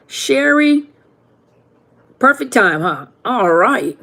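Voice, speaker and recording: A woman's voice: a little high, very animated, extremely slow, sharp tone. A woman hosting a live question-and-answer stream, chatting casually and greeting viewers one by one by name.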